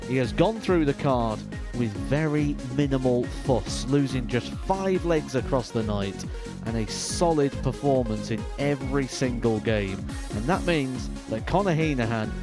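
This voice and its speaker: A man giving live darts commentary, measured as he sums up results and looks ahead to the next match. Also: mid-range voice.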